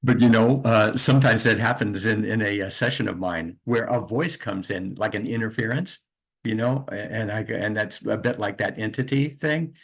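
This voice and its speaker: A man who works as a hypnotherapist, calmly and reflectively telling the story of a client's session. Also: lowish voice, normal speed, creaky, husky. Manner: calm and reflective, with soft laughs and light restarts.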